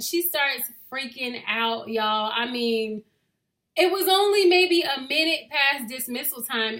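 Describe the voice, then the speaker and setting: Woman educator, young adult, chatty storyteller, fairly high, very bright tone. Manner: chatty, laughs while telling, addresses listeners as y'all. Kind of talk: casual personal storytelling.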